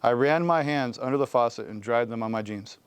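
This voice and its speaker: A man reading a children's novel aloud in an expressive storytelling way, close to the mic. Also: mid-range voice, fairly quick, clean tone, no echo. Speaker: guest reader.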